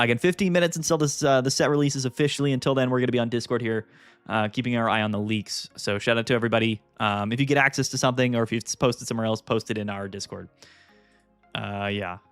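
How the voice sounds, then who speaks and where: A man hosting a live card-game stream, chatting casually and getting excited, thinking aloud with lots of fillers. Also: medium pitch, fast, dry recording, soft background music. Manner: excitable, thinks aloud, frequent fillers, jumps between topics.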